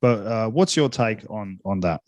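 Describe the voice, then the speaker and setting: A man's voice: lowish voice, animated, a little slow, darkish tone, no echo, lo-fi sound. A man hosting a podcast, asking casual, blunt questions. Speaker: podcast host.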